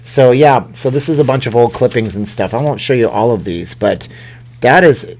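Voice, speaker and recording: A man talks loosely to his live-stream viewers, joking as he reads their letters aloud. His talk is relaxed chat at a middling pitch. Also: moderate pace.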